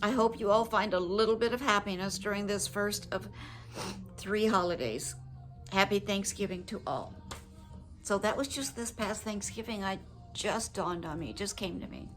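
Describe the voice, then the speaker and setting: An older woman talking to her viewers in a personal, heartfelt vlog, reflective, gentle and earnest, with emotion close to the surface. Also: medium pitch, normal speed, faint music behind. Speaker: widow sharing advice with her viewers.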